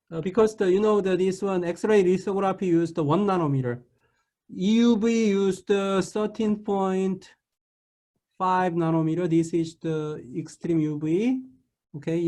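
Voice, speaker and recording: Halting, high-voiced male lecturer. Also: a little mellow. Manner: halting, many restarts and repeated "okay". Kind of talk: classroom lecture.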